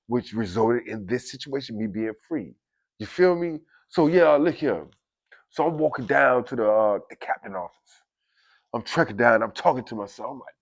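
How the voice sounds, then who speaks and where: A man telling a story in a casual, animated way, often turning to his listeners and acting out the voices of others. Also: mid-range voice, lo-fi sound. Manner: animated, keeps addressing listeners directly; acts out quoted voices of guards and inmates. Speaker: storyteller recounting prison life. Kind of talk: casual spoken storytelling to camera.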